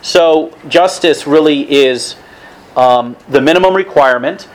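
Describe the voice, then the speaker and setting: A man's voice: fairly high pitch, measured pace, rough recording. A man giving a conversational religious talk to a weekly evening group, casual in tone, with restarts and asides.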